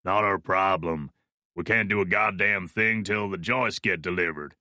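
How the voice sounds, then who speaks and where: A brash young laborer in his twenties, voiced by a male narrator, with a very deep voice that still has a sharp, bright edge. He talks crudely and dismissively. The recording is dry and close. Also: moderate pace, no echo. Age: 20s. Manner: dismissive, leering. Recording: dry studio audiobook recording.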